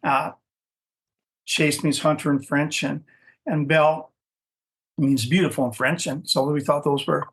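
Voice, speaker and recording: A man's voice: a little high, steady tone, measured pace, long pauses. A middle-aged man, a dog breeder, telling his story as a podcast guest in a rambling way, often restarting sentences and adding "you know". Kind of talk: casual interview storytelling.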